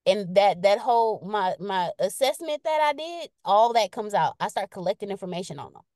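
Lively woman chatting on a podcast. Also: medium pitch, moderate pace, no echo, clean studio sound. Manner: lively, expressive, reads viewer comments aloud. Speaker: podcast co-host reading chat comments. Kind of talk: casual live-stream chat.

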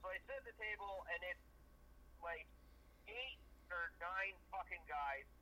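A man's voice: high voice, lively intonation, measured pace, bright, forceful tone, a little hiss or hum, poor audio. A man co-hosting a podcast, telling a long, profane, rambling bar story in casual chat. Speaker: podcast co-host.

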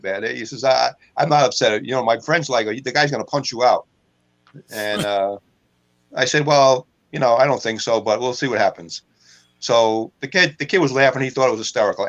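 A man's voice: medium pitch, fairly bright tone, muffled recording. A man co-hosting a casual podcast, telling long rambling anecdotes and laughing at his own jokes. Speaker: co-host.

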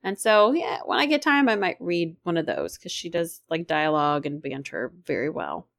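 A woman's voice: low-pitched, normal speed, vocal fry. A woman with a sore throat co-hosting a casual book chat, joking and swearing as she sums up the story. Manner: animated, swears casually, jokey asides. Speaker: podcast co-host.

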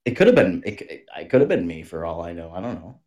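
A man's voice: low voice, big pitch swings, quick pace, a little mellow. A man co-hosting a podcast, rambling in casual, profane chat over a video call. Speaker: podcast co-host.

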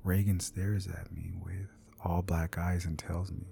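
Deep gravelly male horror narrator. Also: level tone, a little slow. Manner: hushed, half-whispered delivery.

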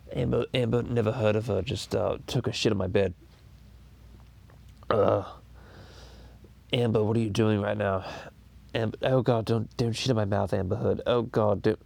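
A man's voice: fairly low pitch, vocal fry, darkish tone. A man doing Stewie Griffin, groaning cartoon baby. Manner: crude, rambling, theatrical groaning. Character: scheming foul-mouthed cartoon baby boy. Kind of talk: improvised comedy impression podcast.

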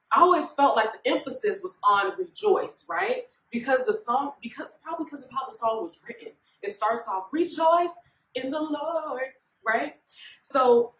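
A woman minister teaches a Bible study in a relaxed, conversational manner and keeps checking in with her listeners. Her voice sits fairly high. She is recorded from some distance in a room with a noticeable echo. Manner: informal, often checks in with listeners. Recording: echoey room, voice far from mic.

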